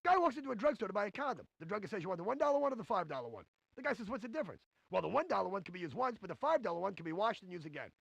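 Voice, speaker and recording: A brash, corny stand-up comic in an old CD-ROM game, firing off hammy one-liners fast in a high, bouncy, gravelly voice. The recording is close and dry. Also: male voice, big pitch swings, dry recording, muffled recording, heavily acted. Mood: joke-telling. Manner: brash, hammy joke delivery. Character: cheesy stand-up comedian man, brash and corny. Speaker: game's recorded comedian. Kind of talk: 1990s CD-ROM stand-up comedy routine.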